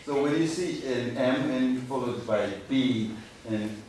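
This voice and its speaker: A man, a Shona speaker, teaches a music workshop at an unhurried, deliberate pace, patiently demonstrating and having the group repeat after him. His voice is picked up from a distance in a very echoey room, with a faint hiss behind it. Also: medium pitch, a little mellow. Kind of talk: teaching a workshop with call-and-response.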